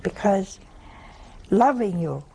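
Gravelly woman giving a folksy sermon. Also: mid-range voice, lively intonation, warm tone. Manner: folksy, slow and emphatic. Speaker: religious speaker. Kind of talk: storytelling sermon.

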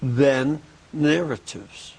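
An older man with a husky voice hosts an interview. He speaks slowly and haltingly, often restarting his sentences. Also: mid-range voice, steady tone, a little mellow, poor audio. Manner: slow, halting, with many restarts. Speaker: interviewer, former teacher. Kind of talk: interview conversation.

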